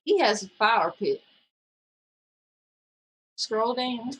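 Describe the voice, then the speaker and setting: A woman's voice: fairly high pitch, lively intonation, extremely slow, slight background noise, poor audio. A woman co-hosting a casual show, bluntly reading viewer comments aloud and teasing her co-host.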